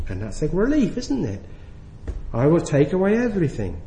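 A man delivers a sermon at an unhurried pace, leaning on key words as he goes. His voice sits fairly high. The sound carries the echo of a church hall. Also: mellow. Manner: earnest, slows and stresses key words. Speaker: preacher.

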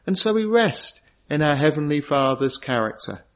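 Middle-aged male preacher, earnest, measured phrasing, slightly high voice, dull recording. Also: very animated. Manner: earnest, pausing in short phrases, rising to emphasis. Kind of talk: sermon. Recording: dull lo-fi sound.

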